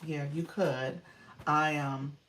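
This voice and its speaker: A woman's voice: deep voice, steady tone, takes it slowly, fairly bright tone, reverberant, far from the mic, slight background noise. A woman coaching on a livestream in casual chat, reading comments, laughing often and thanking viewers by name.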